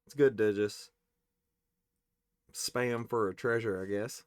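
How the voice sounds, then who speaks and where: A man hosting a casual pack-opening video, reading card names aloud and tossing in quick offhand reactions. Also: on the low side, steady tone, no echo. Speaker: card-opening channel host.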